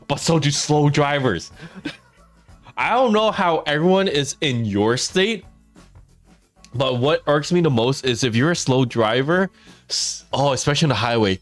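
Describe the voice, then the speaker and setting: A man telling a funny story to his stream while gaming, laughing often as he talks. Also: mid-range voice.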